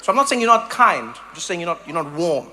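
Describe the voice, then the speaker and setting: Animated stand-up comic. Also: male voice, on the high side, fast talker, a little hiss or hum. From South Africa. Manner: animated storytelling, slips into mock voices. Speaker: stand-up comedian. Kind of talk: stand-up comedy set.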